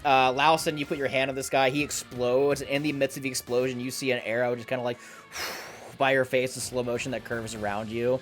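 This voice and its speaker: Laughing, swearing dungeon master. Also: male voice, mid-range voice, level tone, a little fast, hardly any pauses, fairly bright tone, a little hiss or hum. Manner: swears freely, laughs often. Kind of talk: narrating a tabletop game.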